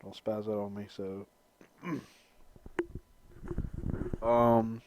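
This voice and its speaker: A man's voice: lowish voice, level tone, drawn-out words, highs cut off. A man swearing his way through a ramble. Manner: profane, joking, rambling. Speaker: vlogger. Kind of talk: casual rambling vlog talk.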